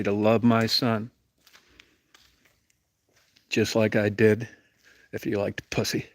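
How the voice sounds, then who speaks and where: A man's voice: on the low side, vocal fry, no echo. A middle-aged man telling a crude, rambling, profane story and acting out the people in it. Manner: profane, rambling, acts out quoted voices.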